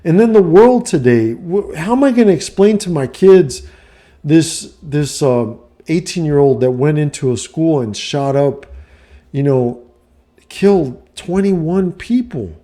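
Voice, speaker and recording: A middle-aged man ranting casually on his vlog, profane and heated, swinging from low muttering to shouting. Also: lively intonation, a little slow. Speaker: vlogger and life coach.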